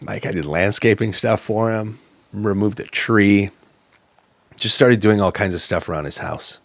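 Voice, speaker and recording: A man's voice: on the low side, unhurried, no room sound. A man as a podcast guest, telling his own story in a candid, earnest and reflective way.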